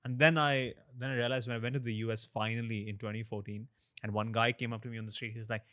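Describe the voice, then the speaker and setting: A man's voice: mid-range voice, flat delivery, fast talker, sharp tone. A man in casual podcast chat, telling a chatty story and laughing often.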